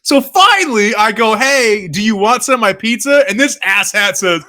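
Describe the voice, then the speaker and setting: Animated loud East Coast man, laughing. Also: high-pitched, normal speed, few pauses. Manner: animated, profane, laughing often. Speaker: podcast co-host. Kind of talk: casual storytelling chat.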